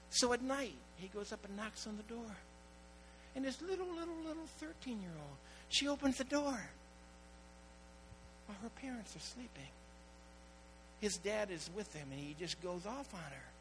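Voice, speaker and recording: A man preaches a sermon, his voice pitched very high and bright. He tells stories and acts out the people in them. A faint electrical hum sits under the recording. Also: animated, normal speed, pauses often, rough recording. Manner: storytelling preacher, acting out quoted voices. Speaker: pastor.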